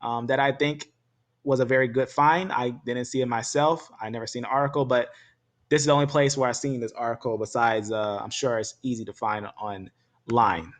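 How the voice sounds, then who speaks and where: A man's voice: mid-range voice, steady tone, normal speed. A man talking casually, hesitant and rambling, with several fillers. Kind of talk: casual talk.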